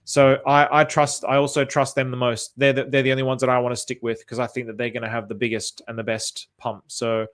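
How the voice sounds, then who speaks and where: A man's voice: medium pitch, little pitch movement, a little fast, hardly any pauses. An Australian man chatting casually on a livestream, thinking aloud with lots of fillers and restarts as he reacts to viewer comments. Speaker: crypto chart commentator.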